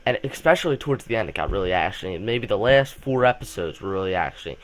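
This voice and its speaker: A young man, a student, hosting a casual fan vlog, rambling excitedly with lots of fillers and restarts while coming down with a cold. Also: on the low side, fast. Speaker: channel host.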